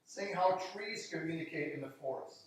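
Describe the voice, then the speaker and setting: A man's voice: on the high side, lively intonation, moderate pace. A man in casual conversation, talking in an emphatic, skeptical way and acting out what other people say. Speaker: conversation partner. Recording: very echoey room, voice from far off the mic.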